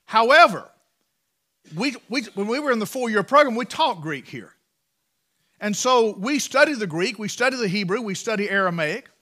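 Appalachian male pastor, high bright voice, folksy, rising to loud emphatic peaks. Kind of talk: sermon. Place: church sanctuary.

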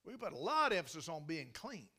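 Folksy preacher man, bright voice. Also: fairly high pitch, big pitch swings, fast, husky. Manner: folksy, emphatic preaching with many restarts. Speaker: pastor. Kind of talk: sermon.

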